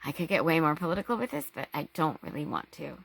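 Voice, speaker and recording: A woman talking in a casual personal vlog, halting, with long pauses and restarts. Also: low voice, expressive, gravelly. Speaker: vlogger.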